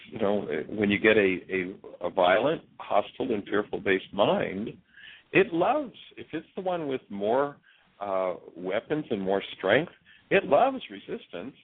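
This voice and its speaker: A man's voice: lowish voice, husky. Earnest man on a tinny phone line. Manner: earnest, storytelling, frequent restarts. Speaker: radio show guest. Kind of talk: radio interview talk. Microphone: telephone.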